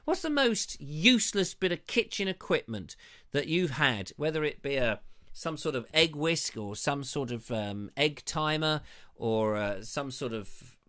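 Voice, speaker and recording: A man's voice: fairly high pitch, lively intonation, measured pace, a bit bright. Chatty man hosting a live show. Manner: chatty and jokey, reads comments aloud with quips. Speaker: host of a live online show. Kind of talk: live chat reading viewer comments. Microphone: lavalier mic.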